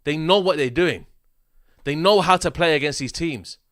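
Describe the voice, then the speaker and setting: A man hosting a casual football preview, animated and repetitive, ending lines with "mate" and "yeah?". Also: fairly high pitch, moderate pace, dry recording, studio quality. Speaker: football channel host.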